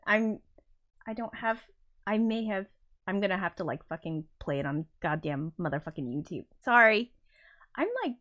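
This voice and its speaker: Swearing, bright-voiced woman streamer. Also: on the high side. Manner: swears constantly, rambling and self-mocking. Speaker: livestream host. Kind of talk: casual livestream chat.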